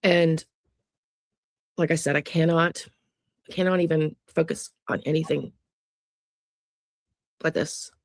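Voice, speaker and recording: An American true crime vlogger with a gravelly, creaky voice delivers a rambling monologue straight to viewers. The sound is close and dry, with no room in it. The talk keeps restarting and trails off into asides. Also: mid-range voice, steady tone, slow pace, long pauses, no room sound. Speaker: true crime psychic channel host.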